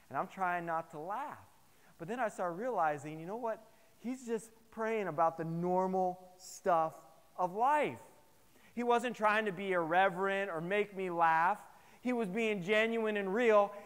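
A man preaching a sermon to his congregation, telling personal stories in an animated, humorous way. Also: on the high side, moderate pace, big-room sound. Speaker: pastor. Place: chapel service.

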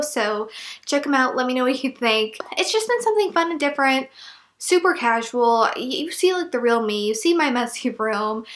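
Bubbly high-voiced woman vlogger. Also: a bit bright. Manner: bubbly, chatty, filler-heavy with lots of "like". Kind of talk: casual chat to camera.

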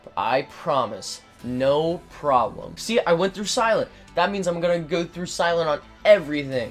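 A man's voice: on the high side, animated, normal speed, few pauses. A man hosting a gaming channel, rambling chattily through let's play commentary and swearing when he gets frustrated. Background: faint video game music.

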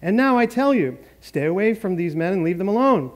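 A man's voice: sits high, big pitch swings, brisk. A man preaching a sermon as pastor, in a joking, conversational way with frequent laughs.

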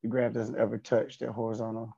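A man's voice: medium pitch, flat delivery, quick pace, creaky, warm tone, breathy edge, muffled recording. A man teaching an online statistics class, explaining step by step and repeating key points.

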